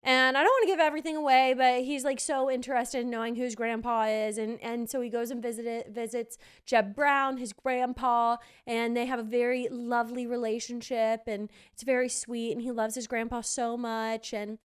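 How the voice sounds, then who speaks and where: A young woman hosts a casual podcast, gushing about shows she has seen. Her voice sits fairly high and comes across smooth and clear, with plenty of fillers. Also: steady tone, a little slow. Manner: chatty, gushing, many fillers. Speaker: podcast host. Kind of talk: casual theater review chat.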